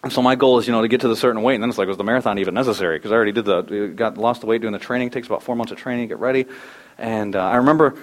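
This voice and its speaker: A middle-aged male pastor preaching a sermon, telling a personal story with animated shifts and acted-out quotes. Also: lowish voice, very fast.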